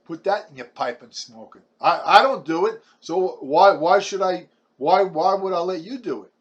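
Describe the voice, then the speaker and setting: A man's voice: high voice, moderate pace, dull audio. A man, delivering a blunt, combative ranting monologue full of stumbling restarts. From Brooklyn, New York. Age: 70s. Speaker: vlogger.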